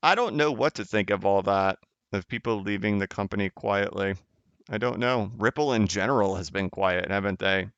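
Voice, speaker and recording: A man's voice: on the low side, normal speed, fairly bright tone, dry recording, dull audio. A man hosting a crypto live stream, chatting casually as he reads viewer comments, rambling and correcting himself, often laughing.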